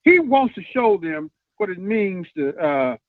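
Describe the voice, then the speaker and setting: A man calls in with an earnest, halting argument, pausing often on "uh". His voice sits fairly high for a man. It comes through a thin, tinny phone line with a dry sound. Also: big pitch swings, no echo. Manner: earnest, halting, many "uh" pauses. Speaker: caller. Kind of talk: earnest call-in commentary.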